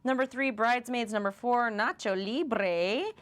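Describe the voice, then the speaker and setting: A woman's voice: on the high side, measured pace, a bit bright. A young woman co-hosting a podcast in casual chat, laughing often and acting out movie quotes. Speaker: podcast co-host.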